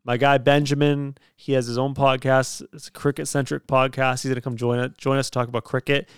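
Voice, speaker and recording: Smooth-voiced joking podcast host man. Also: medium pitch, little pitch movement, brisk, no room sound, clean studio sound. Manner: joking, rambling, often laughs. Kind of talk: casual chat.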